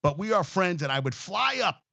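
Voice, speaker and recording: A man's voice: sits high, sing-song, normal speed, gravelly, bright, forceful tone, no echo. A man hosting a casual sports talk show, rambling, swearing freely and getting emotional as he talks.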